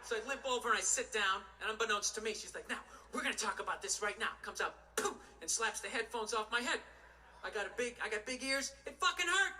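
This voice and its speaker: A man's voice: high voice, quick pace, bright, forceful tone, distant mic. A man doing a stand-up comedy routine, ranting and exasperated, with plenty of profanity.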